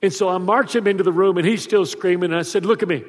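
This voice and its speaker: A middle-aged man, a pastor, telling a story in a sermon with animated delivery. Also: sits high, fast. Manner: animated, acts out voices in his stories. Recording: long hall reverb.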